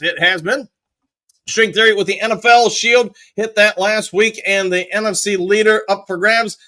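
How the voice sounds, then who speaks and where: Upbeat guy reading live chat, highish voice, bright tone. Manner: upbeat, rapid shout-outs to chat.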